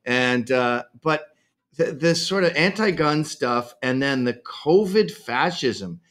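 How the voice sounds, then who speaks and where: A man's voice: medium pitch, expressive, slow, a bit bright. A Canadian man speaking as a podcast guest on a remote call, blunt, provocative and joking in casual conversation.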